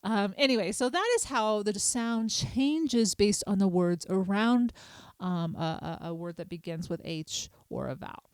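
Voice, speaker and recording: A middle-aged woman, hosting a podcast and patiently explaining a small language lesson, spelling words out slowly. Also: mid-range voice, darkish tone, clean tone, no echo. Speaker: podcast host.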